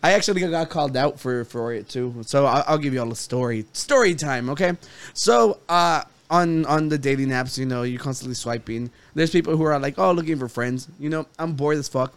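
A man with a fairly high voice hosts a casual podcast. He tells a rambling story, stumbling over and repeating his words and laughing often among friends. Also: a little fast, smooth, no room sound. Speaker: podcast host. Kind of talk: casual chat.

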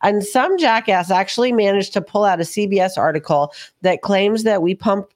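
A woman hosting a podcast in casual, sarcastic chat, hoarse from a cold. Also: medium pitch, a little fast, dry recording, clean studio sound. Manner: sarcastic, lively. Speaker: podcast host.

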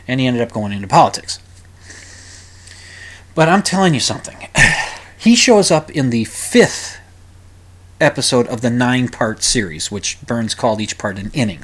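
Rambling, ranting male podcast host. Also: mid-range voice. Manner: rambling, ranting, frequent restarts and sighs. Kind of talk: solo podcast monologue.

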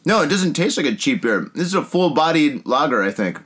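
A man's voice: on the high side, a little fast. A man hosting a casual drinking podcast, joking and laughing often as he talks. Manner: laughs often, jokey and excitable. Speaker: podcast host.

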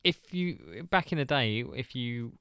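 A man's voice: medium pitch, animated, a little slow, fairly bright tone, smooth, no room sound, clean studio sound. A man co-hosting a casual chat, hesitant with fillers and frequent laughter. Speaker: podcast co-host.

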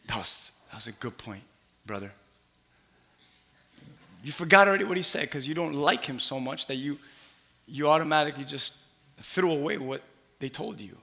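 A man in his thirties delivers a sermon, voice sitting a little high and ringing bright and forceful. He pulls the congregation into call-and-response, jumping from near-shouts to quiet asides. The sound carries a long reverb from the church hall. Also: moderate pace, creaky, pauses often. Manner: animated call-and-response preaching, swings from shouts to hushed asides. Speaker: pastor. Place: church sanctuary.

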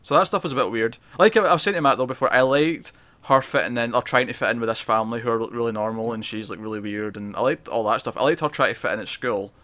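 Male host for a casual comic chat; bright, forceful voice, quick and rambling. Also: medium pitch. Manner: animated, quick, chatty, trails off mid-sentence. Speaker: podcast host.

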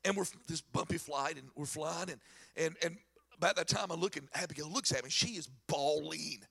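A middle-aged man preaching a sermon in a church, telling stories with animated, shouted emphasis. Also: a little high, a little fast, vocal fry, breathy edge. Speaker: pastor.

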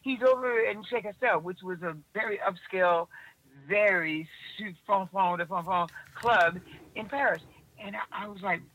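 A woman telling a story in an interview, animated, often restarting her sentences. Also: mid-range voice, moderate pace, lo-fi sound. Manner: animated, with many restarts and acted-out quotes. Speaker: interview guest.

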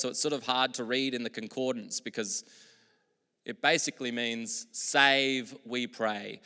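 A man preaching a sermon as pastor, moving between loud, emphatic proclamations and quiet, reflective asides. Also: mid-range voice, normal speed. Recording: long hall reverb.

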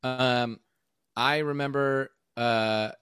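Hesitant man, measured podcast chat. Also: medium pitch, fairly even intonation, fairly bright tone, clean tone, no echo, clean studio sound. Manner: hesitant, measured, many ums. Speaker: podcast co-host. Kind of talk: casual chat.

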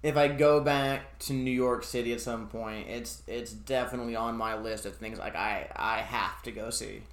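A man's voice: mid-range voice, steady tone, moderate pace. An easygoing man chats on a podcast, often stammering into his sentences. He laughs along with his co-host. The voice rings with noticeable room echo. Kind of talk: casual chat.

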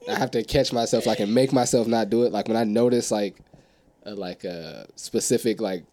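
A man's voice: fairly low pitch, normal speed, warm tone. A man in casual group chat, musing aloud and asking questions with many fillers. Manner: reflective, questioning, filler-heavy.

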